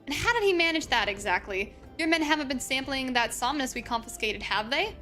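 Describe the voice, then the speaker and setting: A sharp-tongued male rogue from a fantasy game needles a commander with dry sarcasm, voiced by a woman reading along, her tone bright and a little high. Faint music sits behind the voice. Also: animated, fairly quick. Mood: wry. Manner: dry sarcastic questioning, formal phrasing. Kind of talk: reading game dialogue aloud.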